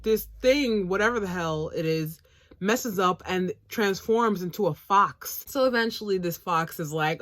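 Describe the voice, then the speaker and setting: A woman's voice: mid-range voice, measured pace, a bit bright, no echo. A woman chatting casually about an anime episode, rambling and blunt, swearing freely. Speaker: anime reviewer, co-host. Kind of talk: casual chat.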